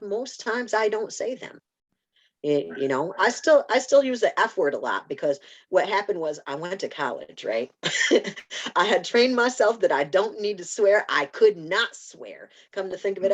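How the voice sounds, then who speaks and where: A woman guest on a podcast, chatting casually and telling animated stories with frequent restarts. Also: low-pitched. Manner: animated storytelling with repeated restarts. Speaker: podcast guest, spoken word writer.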